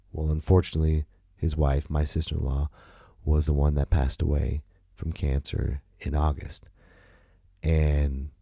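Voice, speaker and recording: A man's voice: extremely low pitch, mellow, dry recording, studio quality. A man hosting his own podcast, telling a personal story in a casual, emphatic way, swearing and repeating himself for effect. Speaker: podcast host and comedian.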